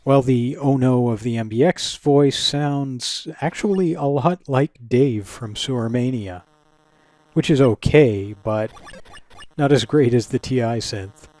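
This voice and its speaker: A man's voice: mid-range voice, a little slow, a little mellow, no room sound. A man hosting a retro computing channel, narrating a scripted review in a dry, wry, analytical way.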